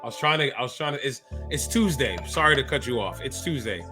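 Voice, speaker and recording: A man's voice: medium pitch, quick pace, over music. A man in his thirties co-hosting a casual basketball podcast, jokey and easily distracted. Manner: animated, jokey, distracted mid-talk. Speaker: podcast co-host. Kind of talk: casual sports chat.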